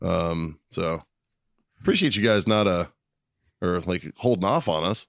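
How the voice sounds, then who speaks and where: A man's voice: low-pitched, a little slow, vocal fry, no room sound, clean studio sound. A man hosting a podcast, telling stories in casual chat, laughing often and swearing constantly. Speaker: podcast host.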